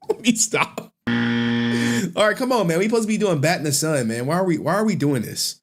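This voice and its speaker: A man's voice: on the high side, sing-song, moderate pace. A man hosting a livestream, casual slangy commentary with frequent laughter. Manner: slangy, loose, laughs often. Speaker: livestream host.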